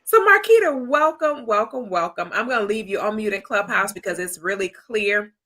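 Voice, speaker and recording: A woman's voice: medium pitch, animated, normal speed, pushed and bright. Sassy exuberant woman host. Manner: exuberant and sassy, lots of slang and laughter. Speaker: host of an author celebration livestream. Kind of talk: casual chat. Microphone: streaming mic.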